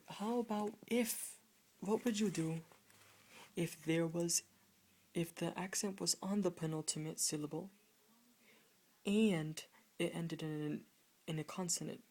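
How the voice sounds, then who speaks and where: A deep-voiced woman explains Spanish grammar in a video lesson. There is a gravelly edge to her voice. She talks patiently, repeats and restarts phrases, and points at words she has written out. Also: a little mellow. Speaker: Spanish teacher.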